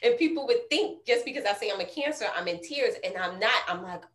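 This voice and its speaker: Woman, mid-pitched voice, earnest, curious, casual chat. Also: animated, fairly quick, a bit bright, echoey room. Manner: earnest, curious, repeats herself.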